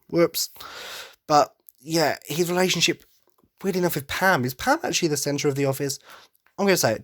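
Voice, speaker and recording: A man hosting a podcast in a casual monologue, rambling and enthusiastic, often stopping to correct himself. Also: medium pitch. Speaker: podcast host.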